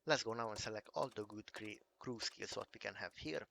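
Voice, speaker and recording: A man giving a casual game review, enthusiastic and halting, calling things amazing again and again. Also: lowish voice, creaky, fairly bright tone, slight background noise. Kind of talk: casual gameplay commentary.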